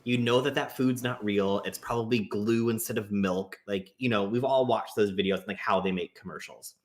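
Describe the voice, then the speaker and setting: A man's voice: on the low side, fairly even intonation, normal speed. A man joining a livestream as a guest, building his argument step by step with fillers. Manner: reasoning step by step, hedging with fillers. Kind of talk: casual panel chat.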